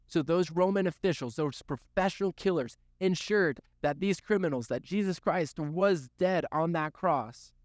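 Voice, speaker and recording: A man's voice: on the high side, moderate pace, hardly any pauses, no room sound, clean studio sound. A man giving a youth sermon, telling the story earnestly, with lots of repetition for emphasis. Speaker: youth pastor.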